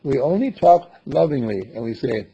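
A man's voice: medium pitch, sing-song, moderate pace, mellow, slightly rough, lo-fi sound. A man teaching a small group in a playful way, acting out little dialogues in different voices. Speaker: spiritual teacher. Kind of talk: group talk.

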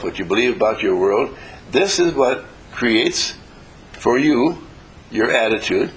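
A man leading a motivational seminar before a live audience, acting out little dialogues and coaxing the room to answer louder. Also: on the low side, rough recording. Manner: animated, acts out little dialogues. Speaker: seminar leader.

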